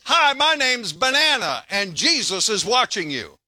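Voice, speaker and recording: A man's voice: sits high, big pitch swings, unhurried, bright, forceful tone, no echo, voice pushed up, full character voice. A man doing a chirpy talking parrot. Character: cheeky talking parrot greeting an intruder.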